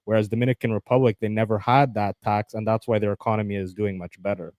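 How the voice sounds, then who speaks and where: A man explaining at length in a casual debate, halting and full of fillers. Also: on the low side, fairly even intonation, a little mellow, dry recording.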